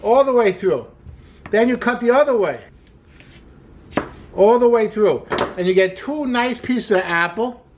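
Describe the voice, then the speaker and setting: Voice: mid-range voice, animated, a little slow, pauses often, a little hiss or hum. A cooking show host giving a casual demonstration in an upbeat way, often opening lines with "hey", repeating praise like "wonderful" and joking and laughing at their own asides.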